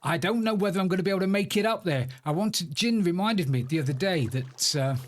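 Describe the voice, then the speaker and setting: A man's voice: sits high, expressive, brisk. A man chatting casually on a live game stream, rambling to himself and greeting viewers by name. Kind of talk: casual live-stream chat while playing.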